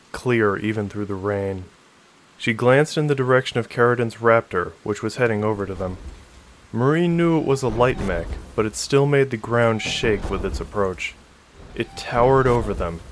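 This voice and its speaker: Low-voiced male audiobook narrator. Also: a little hiss or hum. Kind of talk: scripted narration.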